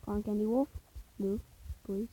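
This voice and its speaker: A woman's voice: mid-range voice, fairly even intonation, moderate pace, dark tone, slight background noise, rough recording. A woman gaming YouTuber talking casually over her gameplay, playful and goofy, prone to silly outbursts and singing.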